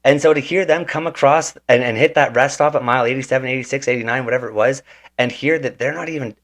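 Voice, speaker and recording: A man's voice: mid-range voice, fast talker. Chill podcast host guy, medium voice, talks slangy, lots of dude and man. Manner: laid-back and slangy, says "dude" and "man". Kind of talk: casual conversation, animated storytelling.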